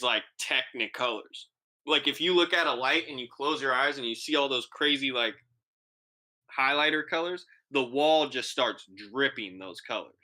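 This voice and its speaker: A young man with a bright, clear voice co-hosts a podcast and tells a sprawling story in loose, casual chat. He swears freely and acts out the people in the story as he goes. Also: medium pitch. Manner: animated, profane, acts out quoted voices. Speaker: podcast co-host.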